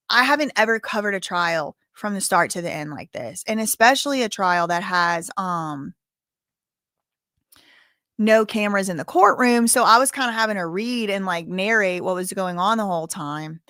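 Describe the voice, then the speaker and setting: A woman hosting a casual livestream, thanking viewers and talking in a halting, emotional way full of "like". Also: medium pitch, fairly bright tone, dry recording, clean studio sound. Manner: chatty, halting, heavy use of "like", openly emotional. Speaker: livestream host reading viewer donations.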